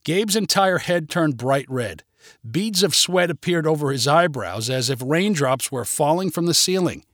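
A man reading a humorous short story aloud with expressive, lively delivery. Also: on the high side, unhurried, no echo, clean studio sound.

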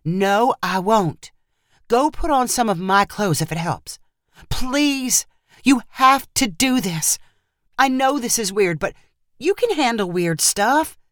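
A woman's voice: a little high, lively intonation, slow pace, a bit bright, no echo, studio quality, pitched above the performer's own voice. A woman doing a frantic, pushy teenage girl. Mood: pleading. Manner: breathless, urgent pleading.

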